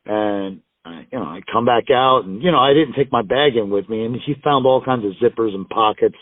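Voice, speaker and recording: A man's voice: medium pitch, brisk, dry recording. Male guest, rambling storyteller who swears freely and acts out others' lines, heard through a tinny, dry phone line. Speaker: wrestling guest telling road stories. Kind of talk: casual storytelling interview.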